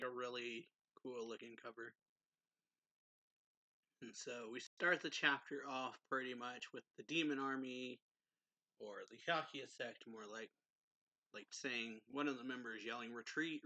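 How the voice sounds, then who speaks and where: Bright-voiced young man rambling through a recap. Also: medium pitch, fairly even intonation, a little slow, long pauses, dry recording, rough recording. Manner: rambling, heavy use of "like". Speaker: manga reviewer. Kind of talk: casual chapter recap.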